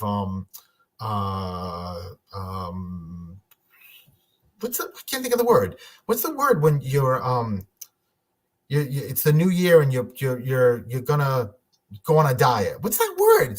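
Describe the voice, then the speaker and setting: A man with a slightly husky voice at an ordinary middle pitch talks casually to his livestream audience. He rambles, restarts sentences and fills pauses. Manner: chatty, rambling, many restarts and fillers. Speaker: medium, livestream host. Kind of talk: casual livestream reading for viewers.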